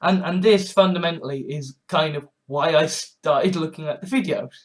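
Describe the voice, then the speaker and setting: A man in his twenties in a rambling vlog monologue, halting and sardonic, with many restarts. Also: a little high. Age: 20s. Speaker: vlogger.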